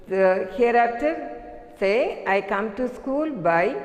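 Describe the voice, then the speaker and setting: A woman teaching English pronunciation in a classroom lesson, slow and deliberate, spelling words out letter by letter. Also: medium pitch, animated. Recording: echoey room with long reverb.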